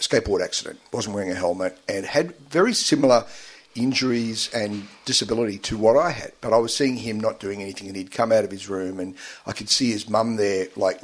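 A lower-pitched man with a husky, breathy voice, speaking as an interview guest. He talks haltingly, full of restarts and fillers, and his voice shows emotion in a quiet radio studio. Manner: halting, many fillers and restarts, tearful at times.

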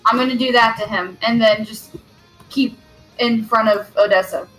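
A woman's voice: fairly high pitch, fairly even intonation, normal speed, a bit bright, soft background music, low-quality recording. A woman player describing her character's actions in a tabletop game, in a playful manner. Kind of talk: tabletop role-play, playing a dog.

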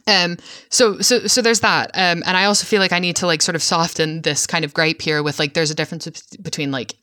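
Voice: mid-range voice, steady tone, brisk, bright, forceful tone, dry recording, studio quality. A podcast host delivering a solo film-analysis monologue, hesitant with many filler sounds and frank, casual swearing.

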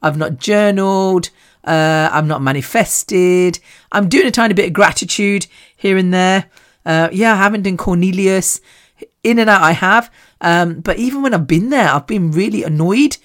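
A woman hosts her own podcast, telling personal stories in a lively, chatty way. She laughs often, and her mid-range voice swings up and down as she talks. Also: normal speed. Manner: animated and chatty, with frequent laughs and big swings in pitch. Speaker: podcast host. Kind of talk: solo personal storytelling.

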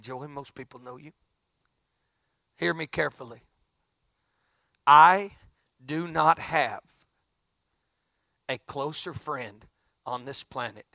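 A middle-aged man preaching a folksy storytelling sermon, swinging from hushed asides to loud outbursts. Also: fairly high pitch, gravelly, no room sound, studio quality.

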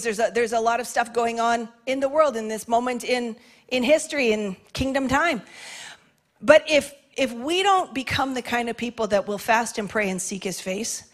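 High-voiced woman preaching passionately. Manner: passionate, conversational, acts out quoted prayers. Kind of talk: sermon.

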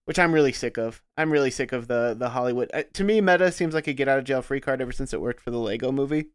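A man co-hosting a podcast, chatting in an animated way and laughing often. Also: mid-range voice, fast, smooth, no room sound, studio quality. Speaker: podcast co-host. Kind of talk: casual chat.

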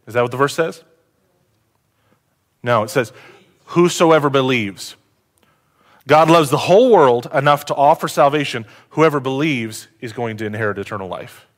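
Animated male pastor preaching a sermon. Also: mid-range voice, normal speed. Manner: animated, asks the congregation questions, swings from loud to hushed.

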